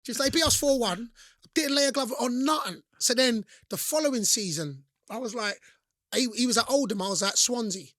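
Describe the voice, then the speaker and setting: Brief: high, bright-voiced man, podcast guest, animated storyteller, dry sound. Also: fairly quick, no echo. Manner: acts out quoted lines, laughs while telling stories. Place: podcast studio.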